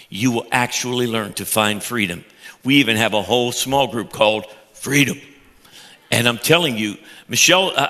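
Middle-aged guy preaching, forceful bright voice, gets loud then goes soft, repeats himself when excited. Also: medium pitch. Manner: passionate, with sudden loud rises and soft drops. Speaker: pastor. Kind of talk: sermon.

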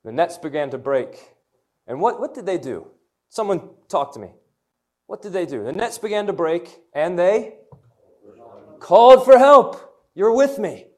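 A young man preaching a lively sermon to young people, telling stories and calling on the crowd to answer. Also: fairly high pitch, normal speed. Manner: energetic, storytelling, call-and-response. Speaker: youth pastor.

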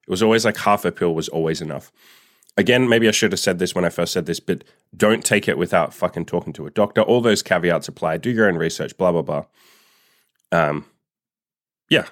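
A man with a very low voice talks straight into a dry, close mic. He tells a personal story in a loose, candid way, swearing freely and filling gaps with "like." It sounds casual and unscripted. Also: no room sound. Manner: candid and profane, heavy use of "like". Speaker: vlogger.

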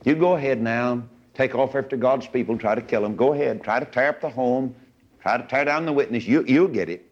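A man preaches in a folksy, storytelling way and acts out the voices of his characters. His voice sits at a middle pitch. The recording sounds dull and lo-fi. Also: fairly quick. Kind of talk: sermon.

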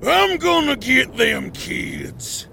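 A woman voicing a greedy, menacing swamp brother in a storybook, with a gravelly, drawn-out voice. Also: high voice, expressive, pushed and bright, slight background noise, exaggerated voice.

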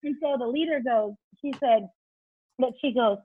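Brief: high-pitched woman, animated storyteller, dry phone-like sound. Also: normal speed, breathy edge, no room sound. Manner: animated storyteller, acts out quotes. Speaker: guest, children's ministry leader. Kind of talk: storytelling in a faith interview. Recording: tinny phone-like line.

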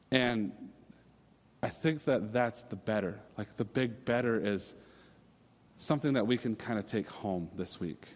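A man's voice: on the low side, a little mellow, in a large hall. A man in his thirties from Minnesota, preaching a casual, storytelling sermon with fillers and restarts. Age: 30s.

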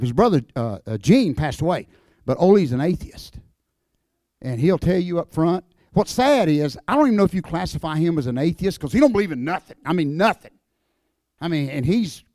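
A man's voice: on the high side, no room sound, studio quality. Folksy older man preaching. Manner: folksy, emphatic preaching that drops to hushed prayer. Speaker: guest speaker, former wrestler. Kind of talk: evangelistic church talk. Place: church.

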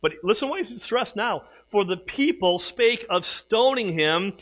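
A middle-aged man preaching a sermon, swinging from hushed, slow passages to loud, emphatic ones. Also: sits high, lively intonation, rough recording. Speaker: pastor.

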